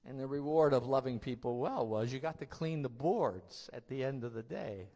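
A man's voice: mid-range voice, normal speed, warm tone, in a large hall. A male pastor preaching a sermon in a church, telling stories emphatically and laughing now and then.

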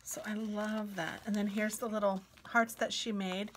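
A woman with a mid-range voice chats through a craft-mail unboxing. She gushes sweetly over each item and now and then drops to a soft whisper. Faint noise sits under the voice. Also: mid-range voice, flat delivery, normal speed. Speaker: craft vlogger. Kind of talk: casual unboxing chat.

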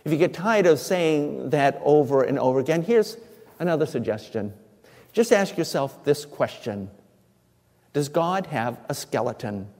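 A man preaching a sermon slowly and emphatically, letting his voice drop softly on key phrases. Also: medium pitch. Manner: slow, emphatic preaching with soft dramatic drops. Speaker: pastor. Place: church sanctuary. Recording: church sermon with long hall reverb.

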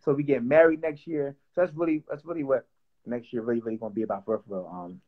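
A young man who writes and produces music talks in a relaxed, joking way, circling back on his words with plenty of fillers. His voice sits at a middle pitch for a man. The audio comes through a bit dull and lo-fi. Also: quick pace. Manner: loose and playful, lots of fillers and repeats. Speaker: songwriter and producer. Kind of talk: casual interview chat.

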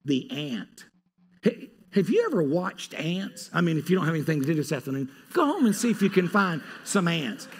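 A pastor delivers a sermon in a husky, slightly raised voice. His delivery is very animated, dropping to quiet asides and then rising into loud pleas. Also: on the high side, normal speed. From North Carolina. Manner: animated preacher, swings from hushed asides to loud pleading.

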